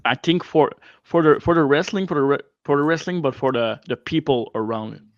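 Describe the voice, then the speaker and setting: A man co-hosting a podcast, chipping in short reactions and halting thoughts. His pitch swings up and down a lot. The sound is dull and lo-fi but dry. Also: expressive, dry recording. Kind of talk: casual interview chat.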